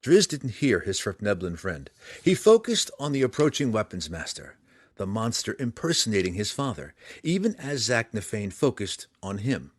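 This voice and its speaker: A man narrating a fantasy audiobook in an expressive, dramatic reading. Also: on the low side, moderate pace, slightly rough, no echo, studio quality.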